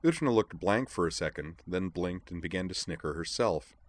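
A man reading a story aloud as narrator, with steady, even delivery. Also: low-pitched, brisk.

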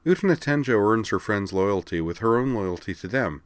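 A man's voice: on the low side, expressive, moderate pace, dry recording, natural voice. A man voicing a casual, easygoing teenage girl duelist who talks bluntly and teases a little, in a read-aloud story. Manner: casual, offhand, quietly teasing. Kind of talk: audiobook character reading.

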